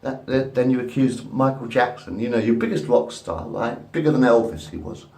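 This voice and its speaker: A man's voice: medium pitch, normal speed, gravelly, a little mellow. A man in his fifties rambling crudely and repetitively to a camera at home. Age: 50s. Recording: echoey room.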